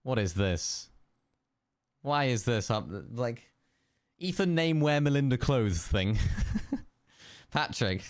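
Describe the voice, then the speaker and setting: A man's voice: mid-range voice, expressive, takes it slowly, long pauses, clear, resonant tone, no room sound. A young man streaming live, muttering one-word guesses to chat, keyboard clicks behind. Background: keyboard clicks and typing.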